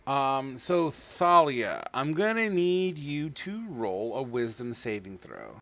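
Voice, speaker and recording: A man's voice: medium pitch, big pitch swings, slow, fairly bright tone, soft background music. A man running a tabletop game as game master, joking and swearing loosely as he narrates.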